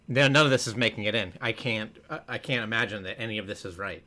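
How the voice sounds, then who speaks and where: A man's voice: fairly low pitch, fast, few pauses, pushed and bright. An American man co-hosting a podcast, rambling casually, stumbling over his words and trying out silly accents. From United States. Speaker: podcast co-host. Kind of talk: casual chat.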